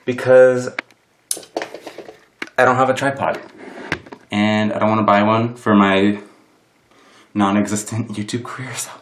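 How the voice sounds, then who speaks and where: Filmed at home on a camera sitting on a box, a young man chats his way through a laid-back makeup tutorial, self-deprecating and rambling with lots of "like." His voice is lowish, level, unhurried and fairly bright, with long pauses. There's a little hiss or hum and the roomy echo of a home room.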